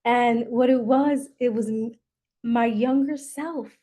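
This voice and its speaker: Woman, podcast coach, warm mellow tone, earnest, holding back tears, reflective monologue. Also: on the high side, steady tone, takes it slowly. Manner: earnest, emotional storytelling. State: near tears.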